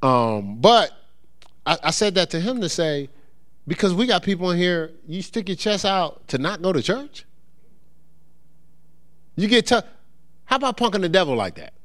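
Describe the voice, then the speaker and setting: A middle-aged pastor, preaching in a church in a loose, conversational way. His fairly high voice swings up and down as he slips into the voices of the people he describes. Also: very animated, moderate pace, long pauses, fairly bright tone. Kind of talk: sermon.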